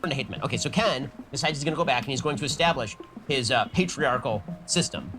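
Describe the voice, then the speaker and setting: A man's voice: mid-range voice, quick pace, background noise. A man giving a mocking, sardonic film review in a played clip. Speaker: political commentator reviewing a film.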